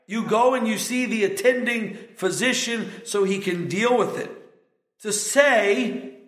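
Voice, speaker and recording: Middle-aged male pastor, high voice, unhurried delivery, emphatic sermon in an echoey sanctuary. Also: sharp tone. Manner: emphatic preaching with rising stressed words and measured pauses.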